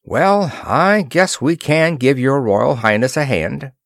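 A man's voice: medium pitch, slow pace, creaky, dry recording, clean studio sound, pitched above the performer's own voice. A man doing a drawling, sardonic hero flyer. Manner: drawling, muttering, sarcastic.

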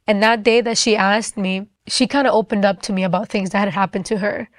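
A woman's voice: medium pitch, fairly even intonation, dry recording, studio quality. Earnest young woman sharing testimony. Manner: earnest, halting, with frequent "like" fillers and restarts. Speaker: person sharing her faith testimony. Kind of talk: personal testimony.

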